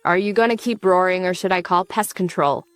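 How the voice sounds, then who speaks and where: A woman's voice: fairly low pitch, fairly quick, no room sound, close to an everyday voice. A woman voicing a cocky young male villain who mocks his foes with sarcastic, teasing lines. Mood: smug.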